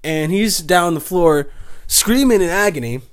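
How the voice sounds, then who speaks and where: Brief: young guy, slightly high voice, crude rambling comic monologue. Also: lively intonation, measured pace. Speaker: comedic storyteller. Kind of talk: profane comedic monologue.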